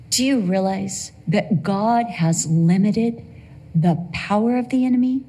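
A woman's voice: mid-range voice, a little slow, mellow, husky. An older woman preaching a sermon, emphatic, with humorous asides.

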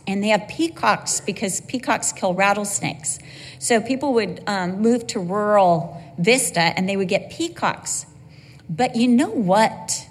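A woman's voice: mid-range voice, long reverb tail. A woman preaching a sermon in an earnest, conversational way, with asides and personal stories.

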